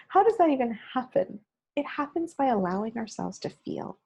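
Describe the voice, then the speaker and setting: A woman with a fairly high voice gives a heartfelt keynote talk. Her tone is mellow and a little breathy, and she speaks earnestly and conversationally, as if confiding in the audience. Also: lively intonation, normal speed. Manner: earnest, conversational, personal, frequent "you know". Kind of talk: motivational talk recorded on video.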